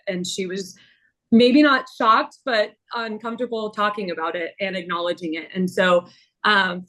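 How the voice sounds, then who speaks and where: A woman in her thirties sharing a personal story as a webinar panelist, candid and halting with many fillers. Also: medium pitch, fairly bright tone.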